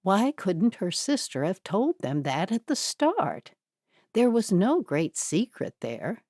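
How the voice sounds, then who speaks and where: A woman's voice: mid-range voice, very animated, slow, dark tone, no room sound, studio quality. A woman narrating a mystery audiobook in a scripted storytelling style.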